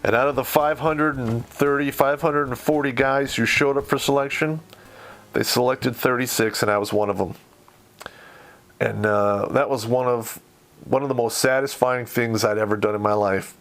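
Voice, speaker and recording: A man's voice: medium pitch, fairly even intonation, moderate pace, fairly bright tone. A middle-aged man from Michigan telling a war story in casual, blunt, profanity-heavy podcast talk. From Michigan, USA. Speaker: podcast host.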